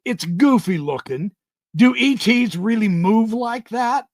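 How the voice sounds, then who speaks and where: Emphatic man with a lively, dry voice. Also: high voice, slow, no room sound. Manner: emphatic, stammering restarts, indignant. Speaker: reaction channel host. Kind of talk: emphatic reaction commentary.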